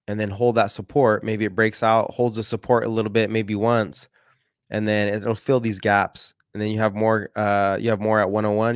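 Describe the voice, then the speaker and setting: A man's voice: fairly low pitch, clear, resonant tone, dry recording, clean studio sound. A man hosting casual market commentary, rambling and correcting himself as he goes through stock charts with slangy asides. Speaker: market analysis host.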